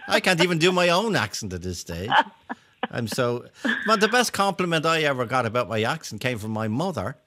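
A man's voice: medium pitch, big pitch swings, brisk, pushed and bright. A man with an Irish accent hosting a radio show, chatting casually in a teasing, playful way. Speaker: radio host.

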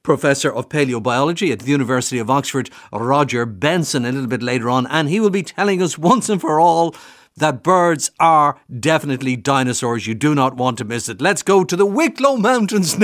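A man's voice: a little high, animated, a little fast, a bit bright, dry recording, clean studio sound. A man presenting a radio nature show, chatty and asking questions. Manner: chatty, inquisitive.

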